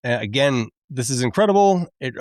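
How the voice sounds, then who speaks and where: A man in his thirties hosting a podcast, chatty and quick to laugh as he recaps a film and admits it moves him. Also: medium pitch, lively intonation, no room sound, studio quality. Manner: chatty, laughs often, openly emotional. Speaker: podcast host.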